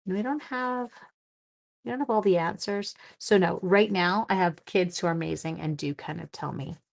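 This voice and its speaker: Woman, forties, craft live stream host, chatty, lower pitch, reads viewer names aloud. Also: normal speed, gravelly. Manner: chatty, talks to viewers by name while crafting. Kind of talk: casual live stream chat while card making.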